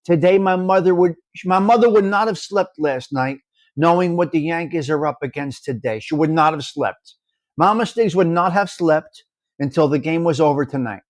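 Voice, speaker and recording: A man's voice: fairly high pitch, moderate pace, dry recording, clean studio sound. A man hosting a casual live chat, greeting viewers by name and teasing them about their comments. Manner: animated, teasing, reads out viewer names and comments. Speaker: livestream host.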